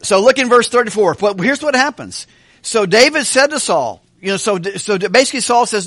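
A man preaching a Bible study sermon with animated, questioning delivery in a church hall. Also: high-pitched, normal speed. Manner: animated, asks questions of the congregation. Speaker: pastor.

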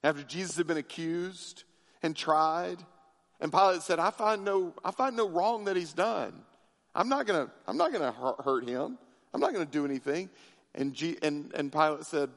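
A high-pitched man delivers an impassioned sermon, rising loud and high for emphasis, then dropping low and soft. His voice rings with the long reverb of a large church sanctuary. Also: lively intonation, normal speed. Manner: impassioned preaching with big swings in pitch and loudness. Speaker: pastor.

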